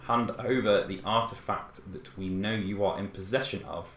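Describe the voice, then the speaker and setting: A man voicing a calm, resolute and authoritative herald making a proclamation. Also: fairly low pitch, normal speed, roomy sound. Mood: commanding.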